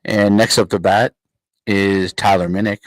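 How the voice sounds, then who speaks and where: A man with a New Jersey accent putting on an upbeat stadium PA announcer voice, in booming announcer cadence. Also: little pitch movement, a little slow, dry recording, natural voice, low-quality recording. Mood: announcing.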